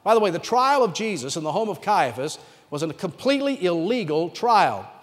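A man's voice: high voice, sing-song, brisk. A male pastor preaching a sermon, retelling scripture dramatically and emphatically. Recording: reverberant hall sound.

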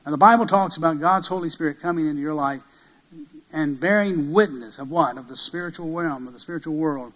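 A man preaching a sermon, emphatic, swinging from loud peaks to hushed passages and asking many rhetorical questions. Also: fairly high pitch, brisk, rough recording.

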